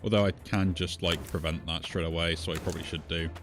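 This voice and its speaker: A man with a low, deep voice talks casually through a game he is playing. He thinks out loud, weighing each move as he goes. Soft game music plays faintly in the background. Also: fairly even intonation, fast talker. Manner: musing, thinks aloud while playing. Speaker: gaming streamer. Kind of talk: casual gameplay commentary.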